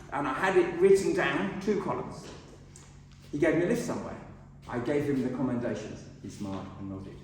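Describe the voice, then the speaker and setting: A man's voice: fairly high pitch, slight background noise. A middle-aged man giving a humorous, self-deprecating speech at a speaking club. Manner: animated self-deprecating storytelling. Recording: echoey hall from far off.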